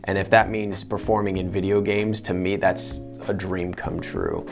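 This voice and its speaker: A man, a voice actor, answering interview questions in an earnest, animated way. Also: sits low, normal speed, creaky, music in the background.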